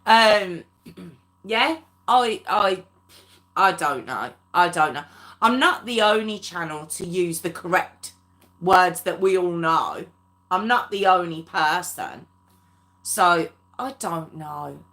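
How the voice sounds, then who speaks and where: A woman's voice: fairly low pitch, lively intonation, measured pace, fairly bright tone. A woman hosting a true crime livestream, chatting casually with viewers, laughing often and addressing them by name. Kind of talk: casual live chat with viewers.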